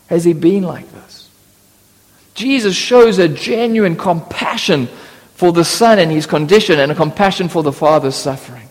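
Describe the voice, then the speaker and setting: A man preaching a sermon, acting out biblical voices with humorous asides. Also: high voice. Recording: long reverb of a church hall.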